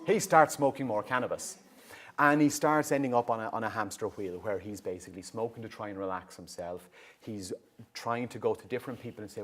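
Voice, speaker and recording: A middle-aged Irish man working in youth drug and alcohol services gives a public awareness talk, explaining in a lively way and often checking in with the audience. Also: fairly low pitch, fairly quick.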